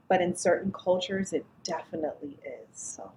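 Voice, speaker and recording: A woman tells a story as an interview guest and acts out every line of dialogue. Her voice climbs high and falls back again. A faint hiss of noise sits behind her. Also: normal speed, poor audio. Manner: expressive, acts out dialogue, laughs often. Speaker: guest, diabetes educator. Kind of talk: animated storytelling.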